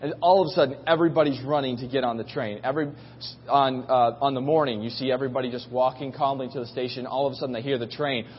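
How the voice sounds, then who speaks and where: A man's voice: mid-range voice, fairly even intonation, fast talker, a little hiss or hum. A man preaching a sermon as a pastor, telling the story in a casual, folksy way and acting out voices. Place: church. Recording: muffled recording in a reverberant hall.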